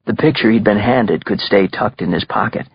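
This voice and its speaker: A man narrating a thriller audiobook in a measured, grim storytelling manner. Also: on the low side, vocal fry, slightly rough, dry recording, highs cut off.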